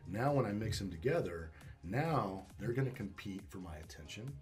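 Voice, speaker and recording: A man who trains dogs, explaining them in a casual interview and acting out owners and dogs in lively, salty asides. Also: fairly low pitch, normal speed, soft background music. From Northwest Arkansas. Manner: animated storytelling, acts out dog and owner with swearing. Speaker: dog trainer.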